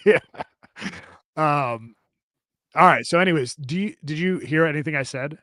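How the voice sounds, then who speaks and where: A man's voice: on the high side, unhurried, sharp tone, dry recording, studio quality. A man in his thirties co-hosting a podcast, chatting casually and reading out live comments in a rambling, profane way with lots of fillers and restarts. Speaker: podcast co-host.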